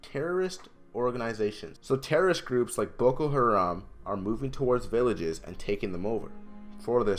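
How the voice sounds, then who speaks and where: A teenage boy in a casual explainer vlog, chatty and emphatic, with restarts and side remarks. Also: medium pitch. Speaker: student presenter.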